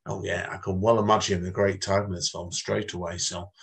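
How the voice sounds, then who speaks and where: A man's voice: deep voice, level tone, fairly quick, gravelly, fairly bright tone. A man hosting an interview, asking questions in a rambling, repetitive way. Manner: rambling, repeats himself, many restarts. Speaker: interview host. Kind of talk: casual interview chat.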